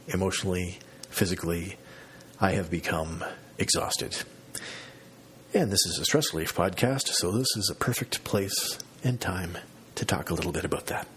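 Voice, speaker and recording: A man's voice: low-pitched, fairly bright tone, slight background noise. A man hosting a podcast, telling a long story in a casual, self-mocking monologue. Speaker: podcast host.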